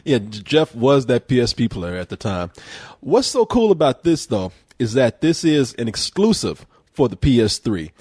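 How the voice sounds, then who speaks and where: A man's voice: medium pitch, very animated, normal speed, darkish tone, breathy edge, no room sound, clean studio sound. A man hosting a video game podcast, talking in loose, joking banter and swearing freely. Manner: profane, joking, laughs often. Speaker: podcast host reviewing a game.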